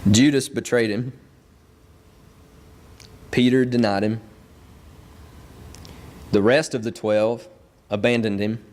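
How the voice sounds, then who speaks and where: A man's voice: mid-range voice, steady tone, slow pace, pauses often, a little mellow. Earnest young man preaching a sermon. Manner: earnest, repetitive emphatic phrasing. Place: church.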